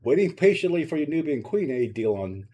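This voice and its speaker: A man's voice: a little high, sing-song, a little fast, mellow, husky, pitched above the performer's own voice. A man voicing a menacing male Russian mafia thug with a Russian accent, in a storybook reading, with a taunting, mocking manner.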